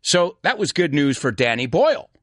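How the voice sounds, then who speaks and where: Brief: chatty New York host, lively swooping pitch, dry close sound. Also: male voice, moderate pace, no room sound. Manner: animated, chatty, laughs often. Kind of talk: casual chat with live audience. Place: studio.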